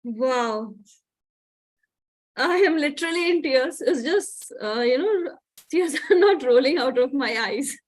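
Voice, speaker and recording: Woman host gushing over kids' performances, slowish, a bit high. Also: lively intonation. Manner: effusive, piles on praise words. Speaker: event host. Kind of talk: introducing performers.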